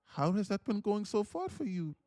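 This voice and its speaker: A man's voice: high voice, sing-song, normal speed, mellow, no echo, studio quality, voice pushed up. A man putting on a blunt Indian-accented millionaire mentor. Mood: probing. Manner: clipped broken phrasing, blunt questions. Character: older male millionaire trading mentor, blunt, calm.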